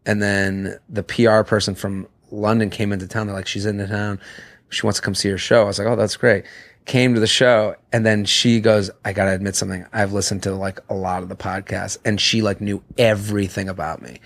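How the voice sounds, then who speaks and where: A man's voice: lowish voice, a bit bright, no echo. Rambling, swearing man. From Boston. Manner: rambling, swearing, laughs at himself. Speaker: comedian guest. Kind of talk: casual podcast chat.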